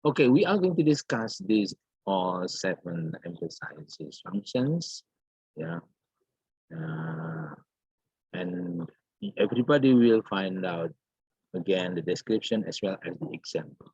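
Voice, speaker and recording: Slow, husky-voiced man teaching grammar. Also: deep voice, lively intonation, a little mellow, dry recording. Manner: halting and repetitive, restarts phrases, many fillers. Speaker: English teacher. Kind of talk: recorded grammar lesson. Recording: dull lo-fi dry recording.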